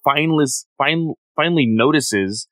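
A man's voice: a little high, normal speed, fairly bright tone, no echo. A man co-hosting a podcast, recapping a story in rambling casual chat with many fillers. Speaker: podcast co-host.

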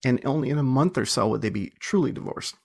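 A man's voice: medium pitch, animated, quick pace, creaky, breathy edge. A man being interviewed as an author and entrepreneur, telling stories in a chatty, self-deprecating way with frequent laughs and restarts. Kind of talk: casual storytelling interview.

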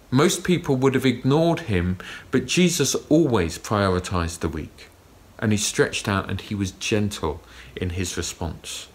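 Male preacher, mid-pitched voice, calm sermon delivery with gentle emphasis.

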